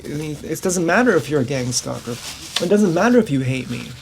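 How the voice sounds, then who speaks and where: A man talks straight into his camera in a long, rambling monologue. He is frank and profane, and laughs often. His voice sits a little high, with faint noise behind it. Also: expressive, moderate pace, gravelly. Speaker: vlogger.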